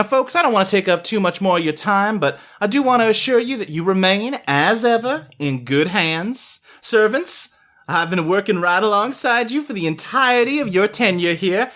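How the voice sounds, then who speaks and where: A man's voice: sits high, fairly bright tone, pitched above the performer's own voice. A man voicing a cheerful new head butler, a woman with an upbeat, sing-song manner.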